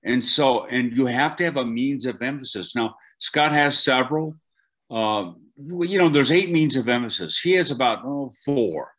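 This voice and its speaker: Here a voice acting teacher, an older man, is interviewed conversationally and tells animated stories, frequently breaking off to begin again. He speaks at a medium pitch and an unhurried, moderate pace.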